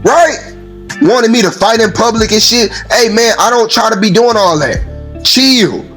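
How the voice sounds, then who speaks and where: A man talking casually and at length, telling everyday stories in an animated way, acting out other people's voices and laughing often. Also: high-pitched, measured pace, soft background music. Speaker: speaker in a played clip. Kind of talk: casual storytelling monologue.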